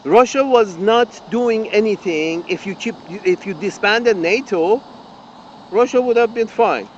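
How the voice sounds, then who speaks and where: High-voiced man ranting angrily. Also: measured pace, dull audio, a little hiss or hum. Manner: angry, profane, repetitive ranting with frequent restarts. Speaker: political commentator. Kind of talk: ranting open-letter monologue.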